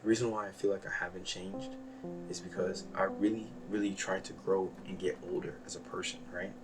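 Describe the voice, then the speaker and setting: A young man talking in a casual, rambling monologue that is self-deprecating and jumps from quiet musing to loud outbursts. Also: sits low, little pitch movement, a little fast, far from the mic. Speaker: vlogger. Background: background music.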